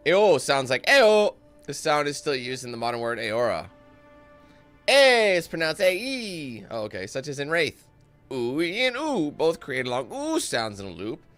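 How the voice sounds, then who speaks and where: A man's voice: medium pitch, fairly bright tone. A young man giving casual, joking gameplay commentary, reading in-game texts aloud and breaking off into parody singing.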